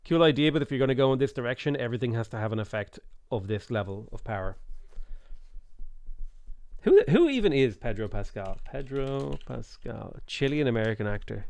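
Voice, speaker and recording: A man's voice: medium pitch, lively intonation, brisk, vocal fry, darkish tone, no echo. Dublin guy late 20s streaming a game, chatty and rambly, dry close mic. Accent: Dublin Irish. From Ireland. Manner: chatty and rambling, reads chat aloud and muses over game options. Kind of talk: casual live-stream chat while gaming.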